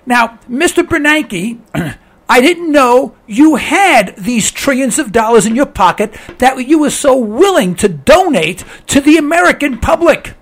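Hoarse, high-voiced radio talk host. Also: male voice, big pitch swings, unhurried, a bit bright. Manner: ranting, exasperated, repeats words. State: hoarse with laryngitis.

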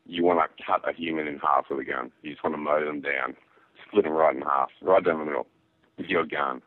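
A man's voice: a bass voice, fairly even intonation, brisk, dry recording. An Australian man calling into a radio show, teasing the host in a laid-back way. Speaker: caller. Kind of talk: call-in radio talk. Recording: dry, tinny phone line.

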